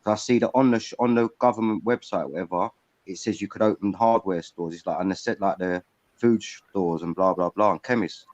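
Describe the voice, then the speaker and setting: A man rattles along at a fast clip in a blunt, swearing livestream chat. His voice comes over a dull, lo-fi online call with a dry, close sound. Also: sits low, darkish tone, no echo. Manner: blunt, swears freely, talks fast in bursts. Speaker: panel guest. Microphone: video call.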